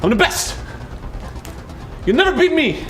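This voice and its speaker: A man voicing a boastful young cricket batsman who brags and shouts. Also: very high-pitched, sing-song, unhurried, pitched above the performer's own voice, heavily acted. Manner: bragging, shouty.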